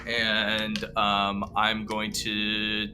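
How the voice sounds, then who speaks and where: A man running a tabletop game as dungeon master, narrating slowly with lots of "uh" and "um". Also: on the low side, monotone, over music. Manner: unhurried, filler-heavy narration.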